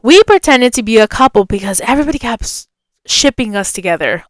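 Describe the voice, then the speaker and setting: Chatty and casual, a female podcast host tells a story at a fairly quick clip with an expressive voice. She uses "like" a lot and shifts her pitch up when acting out others' voices; there's no echo.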